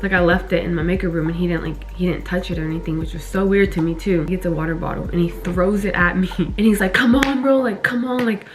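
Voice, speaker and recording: A young woman telling her story in a casual vlog, talking fast, swearing and filling with "like" all the way through. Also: fairly low pitch. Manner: fast, heavy on "like", swears, animated retelling. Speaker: vlogger.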